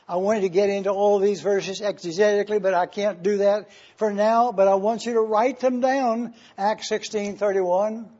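A man preaching a sermon, teaching and emphatic, bursting into sudden excitement as he explains. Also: high voice, highs cut off.

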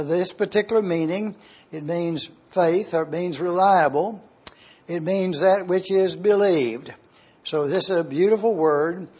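A man teaching a Bible study, praying and then slowly spelling out Greek words letter by letter. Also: high voice, a little mellow, slightly rough, highs cut off. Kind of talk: Bible study lecture with opening prayer.

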